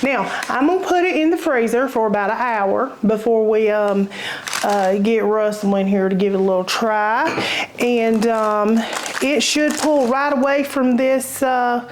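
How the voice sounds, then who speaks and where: A woman's voice: fairly high pitch, unhurried, a little hiss or hum. A woman with a Southern US accent hosting a casual home cooking demonstration, folksy and chatty, with easy laughs. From Southern United States. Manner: folksy, chatty, says y'all, laughs easily. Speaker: cooking channel host. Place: home kitchen.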